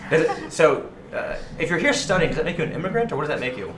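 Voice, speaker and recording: A man in his thirties hosting a casual live stream, telling rambling, animated stories and acting out what people said to him. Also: on the high side, very fast. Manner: rambling, animated storytelling, acting out quoted voices. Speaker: livestream host. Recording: echoey room, faint noise.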